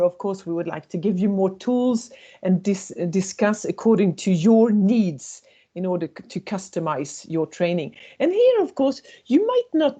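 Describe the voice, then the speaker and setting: Lively woman presenting a webinar. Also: mid-range voice, dull audio. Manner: storytelling, acting out quoted voices. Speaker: intercultural communication consultant.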